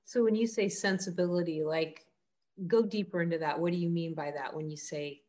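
A woman's voice: lowish voice, fairly even intonation, fairly quick, warm tone. A woman hosting an interview, engaged and asking follow-up questions about acting. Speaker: interview host. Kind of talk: conversational interview.

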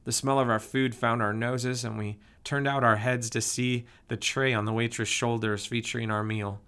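A man reading his own first-person story aloud in a calm, even storytelling voice. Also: medium pitch, moderate pace, clean tone. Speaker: narrator.

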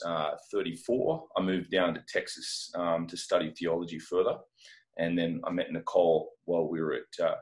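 A middle-aged man with an Australian accent, chatting casually as a podcast guest with a relaxed, self-deprecating humor. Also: sits low. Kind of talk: casual interview chat.

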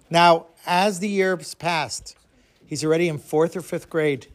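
Expressive man telling a children's story. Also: a little high. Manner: expressive, dramatic pauses.

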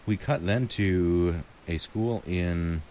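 A man with a remarkably deep, low voice talks through a movie in easygoing chat. He muses aloud, trails off, and laughs lightly between thoughts. A faint hiss sits under the recording. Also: slow. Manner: relaxed, musing, frequent ums and light laughs. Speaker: co-host reviewing a movie. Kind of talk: casual chat.

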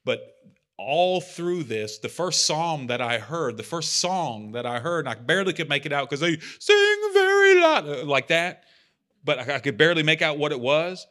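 A man's voice: fairly high pitch, moderate pace, pushed and bright. A man speaking as a pastor, giving a casual, rambling sermon with self-deprecating asides.

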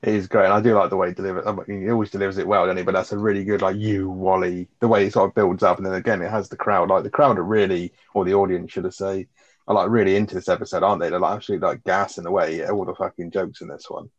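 A man's voice: low voice, steady tone, racing. A man co-hosting a casual chat about a sitcom episode, rambling with fillers and the odd swear. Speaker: podcast co-host. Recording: dull lo-fi sound.

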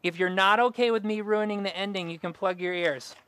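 A man's voice: high voice, steady tone, a little fast, pushed and bright, smooth, no room sound. A young adult man preaching a sermon as pastor, earnest and fond of repeating key phrases.

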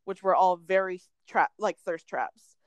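A young woman gossiping in a casual chat, full of "like" and quick asides. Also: fairly low pitch, no room sound. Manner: chatty, lots of "like", laughs often.

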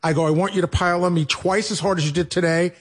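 A man's voice: sits high, fairly even intonation, fast talker. A man on a radio show animatedly telling a self-mocking story, acting out both sides of the conversation. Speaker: radio show regular, producer.

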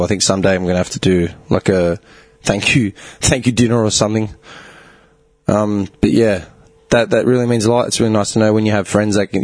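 A man's voice: fairly low pitch, dry recording. A man hosting a podcast, telling a story in a rambling, profane way, with lots of fillers and restarts. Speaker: podcast host. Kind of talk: casual storytelling monologue. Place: small studio, partly soundproofed.

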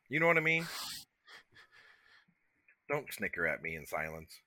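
Very bright-voiced swearing podcast guy. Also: deep voice, unhurried, long pauses, no room sound. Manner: profane and expressive, frequent "like". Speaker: podcast co-host. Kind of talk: casual chat.

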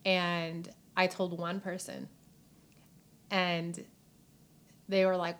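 A woman's voice: fairly low pitch, level tone, takes it slowly, long pauses, a bit bright. A woman talking earnestly about her faith in a casual podcast chat, with many "like" fillers, at times near tears. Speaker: podcast guest.

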